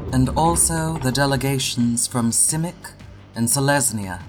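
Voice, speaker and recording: An ancient sphinx presides over a council in a slow, formal cadence, as a man voices it. Soft music sits beneath the measured speech. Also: mid-range voice, natural voice. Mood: stately.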